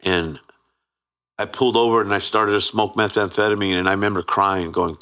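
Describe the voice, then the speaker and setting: A man's voice: on the low side, fairly even intonation, brisk, a bit bright. A man sharing his personal testimony as a guest, telling it candidly and plainly, often checking in with "right?" and acting out the voices of people in the story. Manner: earnest storyteller who acts out the quoted voices; plain-spoken with frequent restarts and 'right?'.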